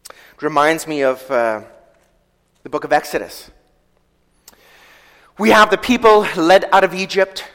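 A man preaching a sermon, retelling scripture in a storytelling way, slowing down for quoted verses and letting his volume rise and fall. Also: on the high side, expressive, fairly bright tone. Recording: long hall reverb.

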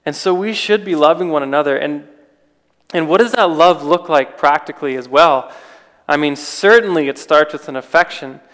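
A man delivers a relaxed, conversational sermon in a fairly high voice, often restarting his sentences and asking rhetorical questions. His voice rings out with a long reverb, as in a large hall. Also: moderate pace. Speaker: preacher. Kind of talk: informal sermon.

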